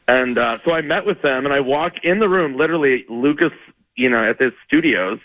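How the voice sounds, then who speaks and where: A man's voice: mid-range voice, animated, brisk, a bit bright, dry recording, muffled recording. Rambling self-mocking man on radio. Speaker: comedian guest. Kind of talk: casual storytelling on a radio show.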